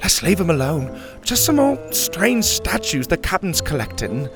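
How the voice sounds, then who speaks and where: A man voicing a nervous female pirate crewmate in a children's audio story, pitched well above his own voice. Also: sing-song, a little slow, over music. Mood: spooked. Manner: nervous, wary.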